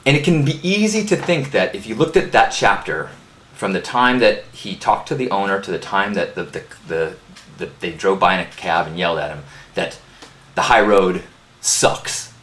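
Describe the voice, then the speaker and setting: A man hosting a live inspirational talk, praying and then telling a story in an earnest, animated way. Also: sits low, normal speed. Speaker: host. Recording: roomy live webcast audio.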